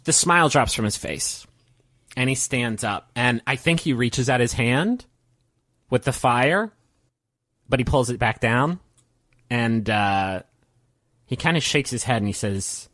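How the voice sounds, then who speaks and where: A man's voice: mid-range voice, measured pace, pauses often, a bit bright, no room sound, clean studio sound. A man narrating as game master in a loose, casual way, with fillers.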